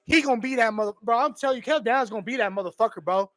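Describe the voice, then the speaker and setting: A man hosting his own live stream, reacting with loud excitement and a lot of swearing, repeating himself and calling the audience bro and homie. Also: extremely high pitch, rapid-fire, no echo, studio quality. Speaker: streamer hosting a draft watch party.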